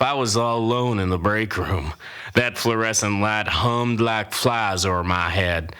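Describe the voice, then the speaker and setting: An older man playing a grizzled old cowboy spins a comic tall tale, folksy, boastful and rambling. His voice sits fairly low, with a pushed, bright quality.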